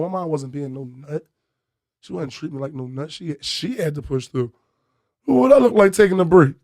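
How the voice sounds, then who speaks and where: A man from Philadelphia, a comedian guest telling a story on a podcast in a lively way and acting out the voices of the people in it. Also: on the high side, creaky, no room sound, clean studio sound. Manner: animated storyteller who acts out voices, bursts into loud laughter.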